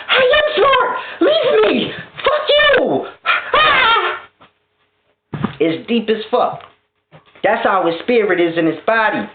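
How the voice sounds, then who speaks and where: A man ranting in a casual spiritual vlog monologue, profane and animated, often laughing. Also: high voice. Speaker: spiritual vlogger. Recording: tinny phone-like echoey sound.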